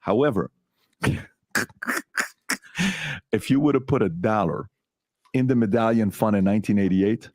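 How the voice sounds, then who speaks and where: A man's voice: fairly low pitch, moderate pace, long pauses, a little mellow, no echo, clean studio sound. A man on a podcast explaining investment returns, building his point step by step with rhetorical questions.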